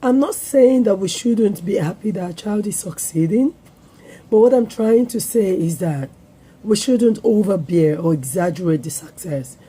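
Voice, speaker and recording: A woman hosting her own parenting vlog, her voice hoarse as it comes back, talking earnestly with filler pauses. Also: mid-range voice, expressive, mellow. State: hoarse, voice recovering. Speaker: vlogger and parenting show host. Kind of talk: solo vlog talk to viewers.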